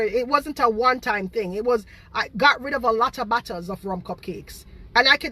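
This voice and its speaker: A woman speaks straight to her viewers on a live stream, exasperated, repeating her points over and over. Her voice sits a little high and sounds bright and forceful. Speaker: home baker and online seller.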